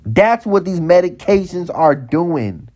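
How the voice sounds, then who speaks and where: A man rants heatedly in a vlog monologue, repeating lines over and over and stumbling into stammering restarts. His voice is high-pitched and darkish, with lively intonation and a slow pace.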